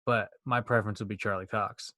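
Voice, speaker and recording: A young man co-hosting a podcast in casual chat, talking fast and rambling, with plenty of swearing. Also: on the low side, steady tone, sharp tone, no echo, clean studio sound. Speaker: podcast co-host.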